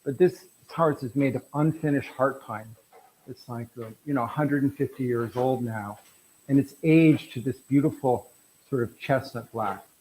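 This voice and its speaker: A man's voice: medium pitch, moderate pace, darkish tone, a little hiss or hum, rough recording. A middle-aged man presenting his photographs at an artist talk, telling anecdotes in a rambling way with frequent restarts.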